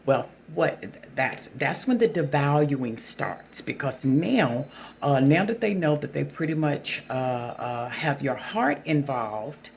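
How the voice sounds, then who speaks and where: A host with a Southern US accent and a gravelly, creaky voice talks to camera without a script. The speech is halting and full of fillers and restarts, at a middle pitch. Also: animated, slight background noise. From Southern United States. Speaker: channel host. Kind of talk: unscripted talk to camera.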